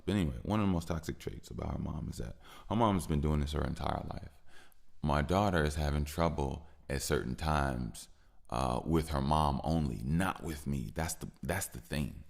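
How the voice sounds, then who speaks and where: Male podcast host, 30s, extremely deep gravelly voice, frustrated personal venting. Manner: frustrated, repetitive, rising into heated stretches.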